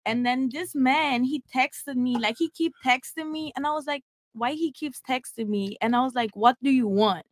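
A woman's voice: high voice, normal speed, few pauses, no room sound. Young woman, giggly and blunt, kinda broken english, dry close mic. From Germany. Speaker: podcast guest. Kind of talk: casual storytelling chat.

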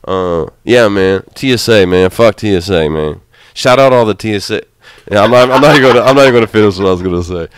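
A man's voice: lowish voice, fast, smooth, no room sound, clean studio sound. A young man co-hosting a podcast, chatting casually in a profane, rambling way and laughing often. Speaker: podcast co-host. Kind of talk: casual crude banter.

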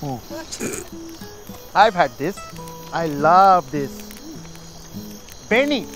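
An actor playing an easygoing, dry-humoured dinner guest. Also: male voice, on the high side, lively intonation, extremely slow, fairly bright tone, soft background music, heavily acted, rough recording.

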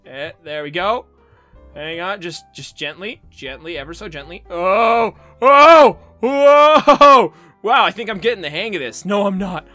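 Excitable man doing goofy game commentary. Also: high-pitched, unhurried, faint music behind. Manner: excitable, goofy exclamations and silly noises. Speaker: gaming channel host. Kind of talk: let's play commentary.

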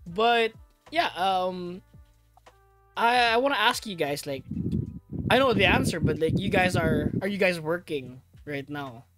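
A man's voice: high voice, animated, measured pace, fairly bright tone, faint music behind. A young man from the Philippines hosting a casual podcast, rambling and laid-back, swearing offhandedly. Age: young adult. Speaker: podcast host. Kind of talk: casual chat.

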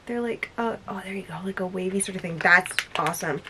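A woman chatting excitedly in a casual unboxing vlog, gushing over each gift at home. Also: mid-range voice, brisk. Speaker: vlogger opening a gift. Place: dim room at home. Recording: noisy home recording.

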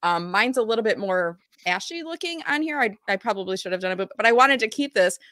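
A woman hosting a casual live video chat from her family room at home, chatty and quick with lots of fillers and restarts. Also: mid-range voice, lively intonation, sharp tone, no echo, studio quality. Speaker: host of a live chat show.

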